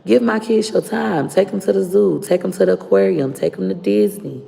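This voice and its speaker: A woman's voice: mid-range voice, moderate pace, creaky, dark tone. A woman streamer talking to her viewers in a blunt, profane, fired-up way. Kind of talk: casual live-stream rant. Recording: roomy echo with long reverb.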